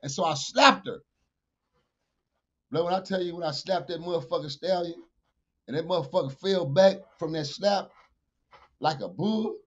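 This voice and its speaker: A man, a podcast guest telling a street story with profanity, acted-out dialogue and shouted sound effects. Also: a little high. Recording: dull lo-fi podcast audio.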